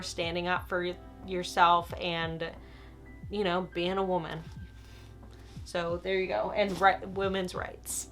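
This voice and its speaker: A young woman talks casually from home, chatty and self-deprecating. She trails off and restarts words as she goes. A little music plays faintly behind her voice. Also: on the low side. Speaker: booktuber. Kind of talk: casual chat.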